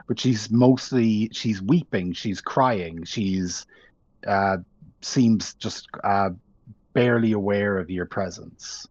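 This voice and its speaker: Slow, halting male game master. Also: fairly low pitch, a little mellow, dry recording, dull audio. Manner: slow, halting, searching for words. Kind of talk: narrating a tabletop game.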